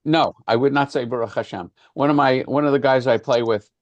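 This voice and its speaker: A man's voice: medium pitch, a little fast, dry recording, highs cut off. A man leading an informal class discussion, talking conversationally with frequent restarts and fillers. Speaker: class teacher.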